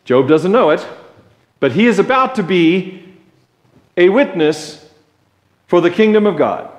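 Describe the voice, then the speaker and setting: Male preacher, joking conversational sermon, slightly high voice, very slow, echoey church sanctuary. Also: lively intonation.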